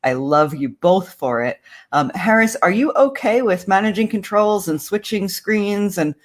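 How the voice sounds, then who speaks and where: A woman's voice: medium pitch, lively intonation, a little slow. Tired woman hosting a livestream. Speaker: livestream host.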